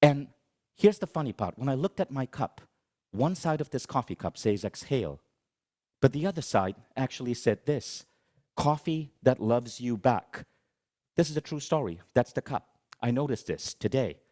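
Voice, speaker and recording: A middle-aged man giving a motivational talk on stage, telling a comic story in an animated, dramatic, self-mocking way. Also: mid-range voice, normal speed. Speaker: motivational speaker.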